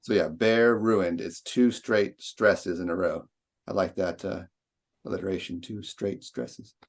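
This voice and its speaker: Low-voiced man leading a poetry seminar. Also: fairly even intonation, unhurried. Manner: thoughtful, recites lines with exaggerated stress. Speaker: lecturer. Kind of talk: seminar discussion.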